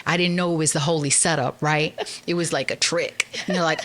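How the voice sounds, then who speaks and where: A woman guest on a podcast, sharing her personal faith testimony as a lively storyteller who acts out the people she quotes. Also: on the low side, fast, hardly any pauses, a little hiss or hum.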